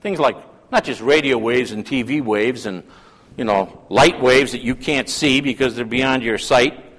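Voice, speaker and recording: A man preaching a sermon, swinging between loud emphatic calls and hushed asides. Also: medium pitch, measured pace. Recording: long hall reverb.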